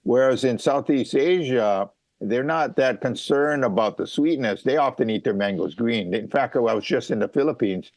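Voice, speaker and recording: A man's voice: mid-range voice, animated, normal speed, a little mellow, no echo. A middle-aged man from Hawaii, a mango farmer being interviewed, who explains things casually with many fillers and restarts.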